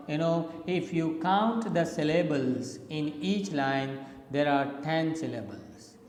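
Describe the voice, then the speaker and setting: A man gives a literature lesson at a slow, deliberate pace, repeating key points and pausing to check in with "okay". His voice sits a little high, and the room adds a long, echoing tail around every phrase. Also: a little mellow. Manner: patient, repetitive explaining with frequent "okay". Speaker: literature teacher. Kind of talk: slide lecture.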